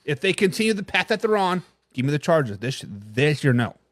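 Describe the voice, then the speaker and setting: On his live NFL talk stream, a man reads fan comments and answers them head-on, brash and full of opinions. His high, twangy voice swings widely in pitch and moves a little fast, captured in a dry recording.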